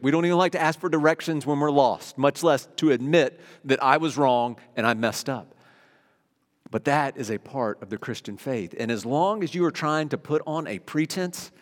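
Male pastor, middle-aged, mid-range voice, conversational sermon delivery in an echoing hall. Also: mid-range voice. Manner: earnest, conversational, swings from loud emphasis to hushed. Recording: long reverb of a hall.

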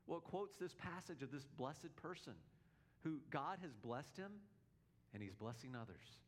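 A man's voice: mid-range voice, lively intonation, moderate pace. A male pastor preaching a sermon in an earnest, emphatic way, often repeating his words.

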